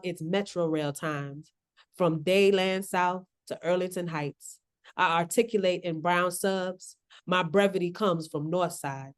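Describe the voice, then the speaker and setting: A woman poet from South Florida, chatting in an interview, laughing often, and reading her poem with a rhythmic spoken-word cadence. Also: lowish voice. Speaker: poet guest. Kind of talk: interview chat and poetry reading.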